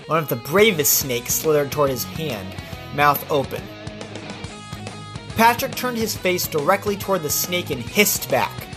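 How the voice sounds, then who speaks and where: A podcast storyteller retelling legends, breaking in with casual asides to the listener. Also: mid-range voice. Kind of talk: storytelling narration.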